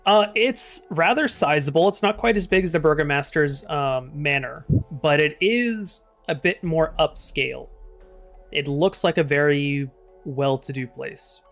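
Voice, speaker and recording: A man with a slightly high voice runs a tabletop game as game master. He describes scenes in a loose, chatty way, with light music playing underneath. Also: measured pace, a bit bright.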